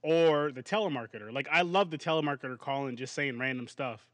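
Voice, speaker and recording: A man hosting a podcast, chatting casually about a movie in a rambling, animated way and laughing often. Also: medium pitch, brisk, no echo. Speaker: podcast host. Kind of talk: casual movie review chat.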